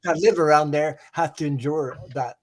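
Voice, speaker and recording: A man's voice: a little high, moderate pace. A man hosting a tarot livestream, talking casually and bluntly on a video call, with mild cursing, repetitions and trailing sentences. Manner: blunt, mildly profane, trailing off and repeating himself. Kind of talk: casual group chat.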